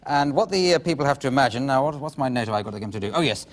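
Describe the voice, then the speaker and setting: A man's voice: medium pitch, lively intonation, quick pace. A man hosting an improv comedy show, giggly and flustered as he ad-libs, recorded on a live stage with a studio audience. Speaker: game show host.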